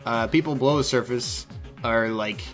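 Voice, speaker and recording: A male podcast co-host in a mid-range voice, easygoing and quick to laugh. He talks loosely and casually with plenty of fillers, and faint music plays in the background. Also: mid-range voice, a bit bright. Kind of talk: casual comedic chat. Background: faint music bed.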